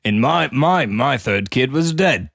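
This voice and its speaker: A man's voice: medium pitch, expressive, a little slow, vocal fry, a bit bright, no room sound, studio quality. A man co-hosting an improvised comedy chat, playfully staying in character as a backward commoner. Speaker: podcast co-host.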